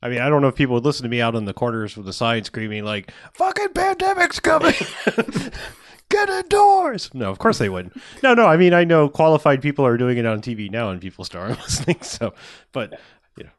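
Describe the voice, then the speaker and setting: A man's voice: medium pitch, expressive, fast. A man chats casually on a podcast, swearing freely and circling back to correct himself. He talks over a remote video call from home. The sound is dry, with no room echo. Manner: profane, rambling, self-correcting. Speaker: podcast co-host. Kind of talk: casual chat.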